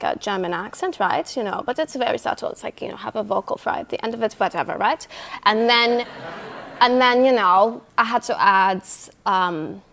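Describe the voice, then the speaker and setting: A woman's voice: mid-range voice, vocal fry, a bit bright. A woman actress on a talk show, talking casually with lots of "like" and "you know" fillers.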